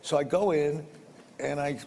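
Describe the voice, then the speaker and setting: A man's voice: on the high side, steady tone, measured pace, creaky, warm tone. An older man telling a business story in a blunt, rambling way, repeating words and swearing a little. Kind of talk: anecdotal storytelling. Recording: roomy reverb with faint background noise.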